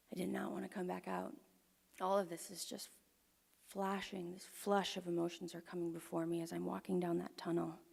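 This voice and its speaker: A young woman telling a personal story live on stage to an audience, earnest and often dropping to a hushed near-whisper. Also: fairly low pitch, creaky, husky. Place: performance venue with audience. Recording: long hall reverb.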